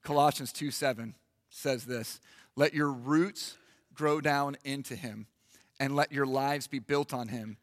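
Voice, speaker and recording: A man preaching in church, lively and animated, acting out little voices for the congregation. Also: mid-range voice, a little slow, no room sound, studio quality, long reverb tail. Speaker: pastor. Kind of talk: sermon. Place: church hall.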